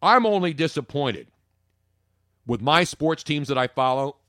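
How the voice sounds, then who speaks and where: A man hosting a sports talk podcast, opinionated and jokey, swinging from loud bursts to low muttering. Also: lively intonation, measured pace, no echo, clean studio sound.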